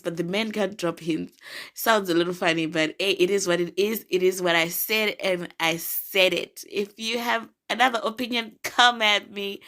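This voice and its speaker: A young woman from Zimbabwe hosting a podcast, telling a personal story in a playful, giggly, dramatic way that drops now and then into whispers. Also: on the low side. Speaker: podcast host. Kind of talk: casual storytelling monologue.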